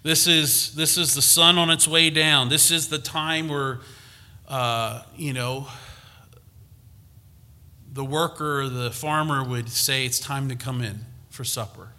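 A man's voice: mid-range voice, fairly even intonation, takes it slowly, pushed and bright. A man preaching a conversational sermon, reading scripture and rising to emphatic peaks.

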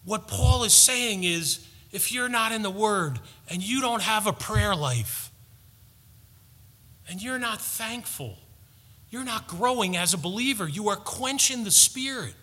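A man's voice: high voice, lively intonation, unhurried, bright, forceful tone, in a large hall. A man preaching a sermon, earnest and storytelling, building to emphatic points. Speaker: pastor.

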